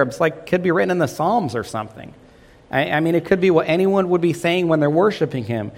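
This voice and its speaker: Pastor guy preaching, slightly high voice, keeps quizzing the congregation, long church reverb. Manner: asks the congregation questions and coaxes answers. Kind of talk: sermon.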